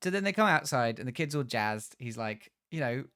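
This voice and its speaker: A man's voice: mid-range voice, expressive, brisk, sharp tone, smooth, dry recording, clean studio sound. Man recapping a film plot, swearing freely. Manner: rambling, swearing storyteller who restarts often. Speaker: podcast co-host reviewing films.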